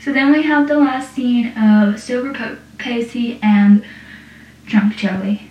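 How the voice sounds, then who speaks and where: A young adult woman hosts a podcast recapping a TV episode, chatty and giggly as she reads scene dialogue aloud. Her voice is fairly high, slow and darkish in tone. The sound is roomy, from a distant mic.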